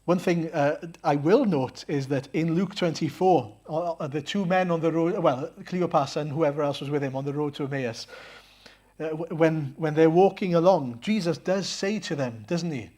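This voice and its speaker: A man's voice: on the high side, moderate pace, warm tone. A man preaching a sermon in a church, earnest, asking rhetorical questions and often hesitating and repeating words.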